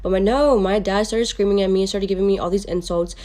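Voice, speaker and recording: A woman's voice: medium pitch, fairly even intonation, fast, mellow. A young adult woman telling a personal story in a casual, candid way, swearing freely and quoting people as she goes. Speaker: storytime creator.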